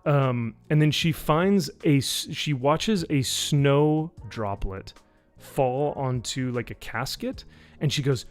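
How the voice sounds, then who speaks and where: Male streamer, mid-pitched, sarcastic rambling recap with swearing, soft music underneath. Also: takes it slowly. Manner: rambling, sarcastic and profane, with many fillers. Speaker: YouTube reviewer on a live stream. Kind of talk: casual live-stream plot recap.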